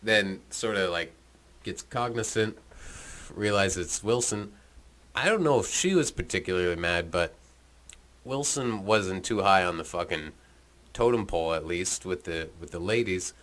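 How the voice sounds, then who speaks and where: A man with a very low voice tells a story about a teenage party in loose, profane, conversational talk at an unhurried pace. His tone is bright and forceful, and he scatters swearing and chuckling asides throughout.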